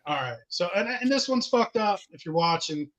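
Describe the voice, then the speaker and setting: A man's voice: high-pitched, animated, normal speed, fairly bright tone. A man, telling a rowdy, profane story in casual talk and laughing as he goes. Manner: rowdy, swears constantly, laughs mid-story. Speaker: podcast host telling stories.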